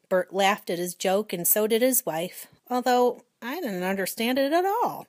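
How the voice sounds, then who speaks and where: A woman's voice: medium pitch, expressive, moderate pace, hardly any pauses, darkish tone, no echo, clean studio sound. Woman reading a storybook aloud. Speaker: audiobook reader. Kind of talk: storybook narration.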